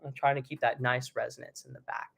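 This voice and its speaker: Here the young vocal coach talks at a quick pace, his medium-pitched voice carrying a creaky, breathy edge. He's running a live online singing lesson, explaining casually and breaking into quick sung demos.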